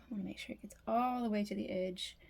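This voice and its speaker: The recording is low quality with a little hiss or hum, capturing a woman's gravelly, slightly mellow, medium-pitched voice at a quick, steady pace. She's casually vlogging from her home workspace, musing aloud over a resin project and often trailing off mid-sentence.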